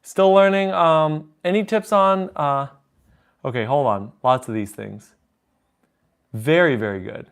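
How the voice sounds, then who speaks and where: Piano music runs underneath as a man with a somewhat high, smooth voice talks unhurriedly on his stream. He fields song requests, reads the chat out loud and jokes casually.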